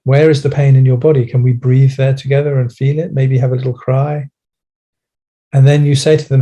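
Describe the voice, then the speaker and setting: A man speaking as a podcast guest with a British accent, in a gentle, coaxing way with slow pauses. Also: medium pitch, flat delivery. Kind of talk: podcast conversation.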